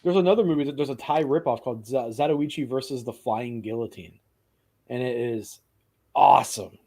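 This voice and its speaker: A man's voice: mid-range voice, normal speed, mellow. Enthusiastic man in casual chat. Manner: enthusiastic, rambling, swears casually.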